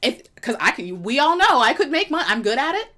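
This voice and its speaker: A woman's voice: sits high, sing-song, brisk, fairly bright tone. A young woman streamer giving a sassy, emphatic commentary rant in a casual tone. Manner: sassy, emphatic, laughs and repeats herself.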